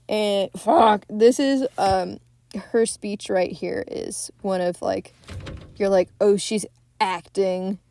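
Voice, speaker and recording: A woman's voice: mid-range voice, steady tone, slow, gravelly, darkish tone, no room sound. A woman hosting a podcast, chatting casually and profanely as she retells a movie scene by scene. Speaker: podcast host.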